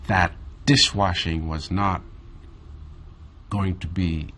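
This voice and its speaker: A man from the Bahamas with a Caribbean accent, telling a reflective story in an interview in a measured, thoughtful way with drawn-out pauses. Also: sits low, fairly even intonation, a bit bright. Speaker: interview guest.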